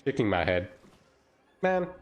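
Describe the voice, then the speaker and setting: Male game streamer, lowish voice, loose and profane, chatting with his viewers mid-match. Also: sing-song, measured pace, muffled recording. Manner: casual, profane, talks to chat while playing. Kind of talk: live-stream gaming commentary.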